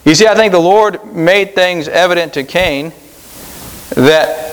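A man's voice: sits high, a little slow, clean tone. A man preaching an earnest sermon at a church service, rising for emphasis and repeating his phrases. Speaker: pastor.

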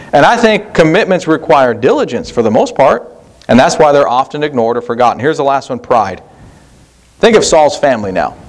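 A man preaching a sermon as pastor, plain-spoken, with rhetorical questions and frequent restarts. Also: medium pitch.

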